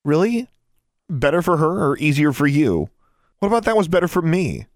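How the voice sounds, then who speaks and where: A man reading an audiobook, voicing a hurt, sharp-tongued teenage witch girl in a raised, sharp voice. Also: animated, brisk, no echo, studio quality. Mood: angry. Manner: pitched up, hissing and sharp when angry.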